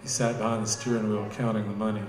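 A man reading his own novel aloud in steady, measured narration at a live bookstore cafe event. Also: on the low side. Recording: roomy cafe with live guitar.

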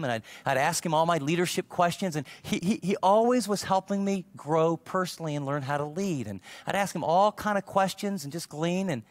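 A middle-aged man preaching and spinning personal stories, voicing the people in them as he goes. His voice sits a touch high for a man. The sound is dry and close, with little room in it. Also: dry recording. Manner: animated storyteller acting out quoted dialogue. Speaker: pastor. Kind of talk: sermon storytelling.

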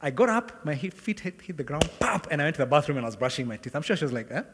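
A man's voice: on the high side, very fast, background noise. A middle-aged man, a pastor, preaching a sermon and telling a story from his own life, acting out the dialogue and laughing often. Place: large hall with long reverb. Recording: long hall reverb from a church sanctuary.

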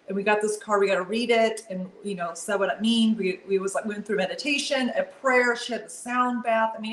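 A woman casually telling a funny story on a live video call, animated and laughing as she acts out what people said. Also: mid-range voice. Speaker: guest on a live video chat. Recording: echoey room on a video call.

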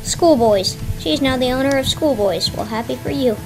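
High-voiced woman narrating her gameplay. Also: moderate pace, over music. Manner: chatty, talks to herself, yelps when surprised. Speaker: gameplay streamer. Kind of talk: casual gameplay commentary.

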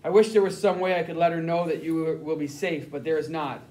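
A man voicing a middle-aged German spy who speaks quietly in stiff, formal phrases. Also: fairly high pitch, steady tone, a little fast, natural voice. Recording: roomy echo.

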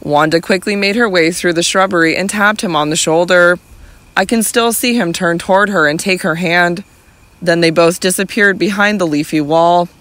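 A man narrating an audiobook in a measured literary reading. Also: high voice, a bit bright, dry recording. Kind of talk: scripted narration.

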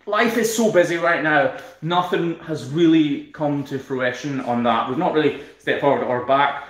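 A relaxed Scottish man chats through viewer comments during a home live stream, joking easily at his own expense. His voice sits in an ordinary middle pitch. The room around him rings with a noticeable echo. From Scotland. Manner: relaxed, chatty, self-deprecating humour. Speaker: hoof trimmer and channel host. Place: room in his newly built house.

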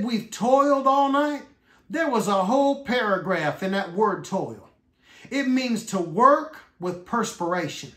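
High-voiced emphatic man preaching. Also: a bit bright, roomy sound. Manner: emphatic, drawing out key words slowly. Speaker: minister. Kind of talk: sermon.

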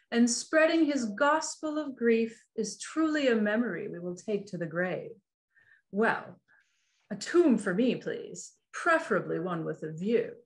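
A woman playing a ghoulish stage hostess who relishes gloomy puns, in a stage reading. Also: fairly high pitch. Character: ghoulish theatrical hostess, gleefully macabre woman. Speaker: host of the evening.

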